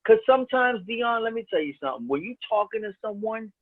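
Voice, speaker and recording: A man's voice: sits high, animated, quick pace. A man with a New York accent, co-hosting a casual podcast, talking emphatically and swearing a lot. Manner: profane, emphatic, argues with force. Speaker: podcast co-host. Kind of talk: casual chat. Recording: tinny phone-like line.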